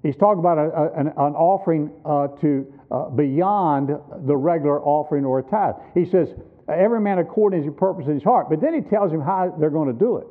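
A man's voice: fairly high pitch, a little fast. A man in his sixties preaching a sermon at a missions conference, emphatic and teaching with rhetorical questions. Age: 60s. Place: church. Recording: tinny phone-like sound.

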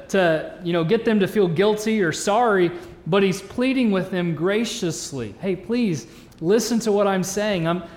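A man's voice: a little high, slight background noise. A man in his thirties, a pastor, preaching a sermon in a church hall in an earnest, conversational way with joking asides. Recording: reverberant church hall sound.

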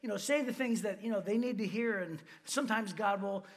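A man preaching, telling a funny personal story, animated and acting out the voices of the people in it. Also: sits high, a little fast. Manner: animated, acts out quoted voices, laughs at himself. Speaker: pastor. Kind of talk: sermon storytelling.

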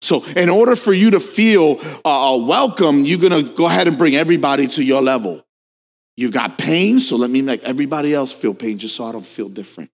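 A man preaching a sermon as pastor, swinging from hushed lines to shouted questions, telling stories with casual asides. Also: on the high side, animated, fairly quick. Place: church sanctuary. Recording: long hall reverb.

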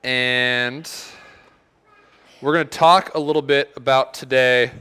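A man's voice: mid-range voice, steady tone, takes it slowly, sharp tone, smooth. A man preaching a sermon in a casual, conversational way, telling stories with quoted back-and-forth dialogue. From United States. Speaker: pastor.

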